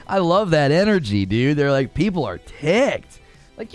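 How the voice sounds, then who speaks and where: Soft music plays behind this live stream host, whose voice sits on the high side and moves in a slightly slow, sing-song way. He reads viewer tips and super chats on his gaming talk show, joking sarcastically and laughing a lot.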